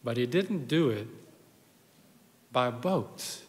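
A pastor preaching a sermon, telling the story in a conversational, animated way with personal asides. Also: male voice, medium pitch, slow, big-room sound.

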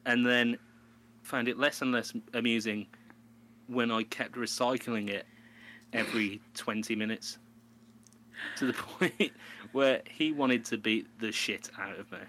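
A young man chats on a podcast, his voice bright and forward. He tells stories animatedly and laughs often. A faint hum runs under the recording. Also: mid-range voice, measured pace, long pauses. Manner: animated storyteller, laughs often, breaks into a put-on New York voice. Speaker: podcast co-host. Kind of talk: casual chat.

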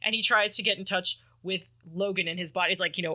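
Bright-voiced woman chatting casually. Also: on the low side, steady tone, fast talker. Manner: rambling, filler-heavy, acts out characters' lines. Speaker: podcast co-host. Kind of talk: casual chat recapping comics.

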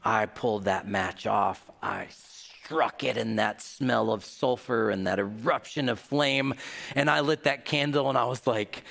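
A man preaching a sermon, telling a childhood story with acted-out voices and a lively delivery. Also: mid-range voice, measured pace, creaky. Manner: animated storytelling with acted-out quotes. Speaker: pastor. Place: large hall. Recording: reverberant hall.

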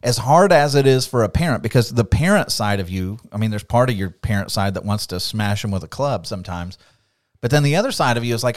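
Podcast co-host, male, somewhat low voice; chatty Bible teacher who acts out quotes and laughs easily. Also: expressive, fairly quick, dry recording, clean studio sound.

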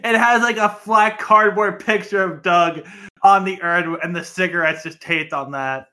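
Bright-voiced sarcastic podcast co-host. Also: medium pitch, measured pace. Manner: crude, sarcastic jokes. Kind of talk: casual movie recap chat.

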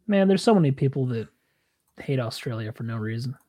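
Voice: medium pitch, animated, a little fast, warm tone, no room sound, clean studio sound. A podcast co-host in casual chat, blunt and joking with plenty of swearing. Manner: blunt, profane, jokey.

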